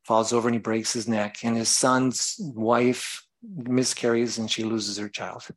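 A man's voice: medium pitch, flat delivery, measured pace, rough recording. A man preaching a sermon, reading scripture aloud and explaining it, sometimes stopping to correct himself.

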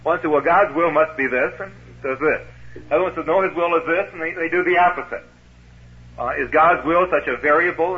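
A man's voice: fairly high pitch, dull audio. A man preaching a sermon in a conversational way, posing rhetorical questions to his listeners.

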